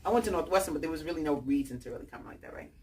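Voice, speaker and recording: A woman's voice: sits low, racing. New York woman talking to a crowd. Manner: animated, chatty, slangy storytelling. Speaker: author speaking at a bookstore event. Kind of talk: casual talk to a live audience. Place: bookstore. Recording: distant mic with faint background noise.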